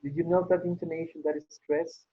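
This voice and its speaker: A man's voice: fairly high pitch, little pitch movement, brisk, husky. A man teaching an English class online, patiently repeating praise as he works through the exercises. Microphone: video call. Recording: tinny phone-like call audio.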